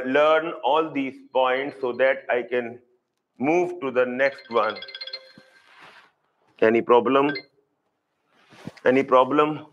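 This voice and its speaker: A middle-aged man gives a live online zoology lecture at a very slow, deliberate pace. He says each key term two or three times and keeps checking that his students are following. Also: mid-range voice, fairly bright tone, poor audio. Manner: slow, repeats key terms, asks students if they follow. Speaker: zoology teacher.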